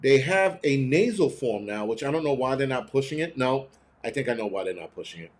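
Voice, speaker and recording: Profane, ranting live-stream host. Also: male voice, medium pitch, animated, brisk. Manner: mimics others in quoted voices. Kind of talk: casual live-stream chat reading comments.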